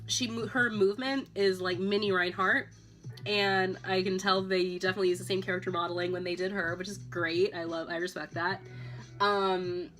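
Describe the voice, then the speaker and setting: A slightly tipsy woman chatting casually, rambling with lots of "like" and "um" and breaking into loud excited squeals. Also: mid-range voice, moderate pace, soft background music. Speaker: vlogger. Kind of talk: casual tipsy chat about a video game.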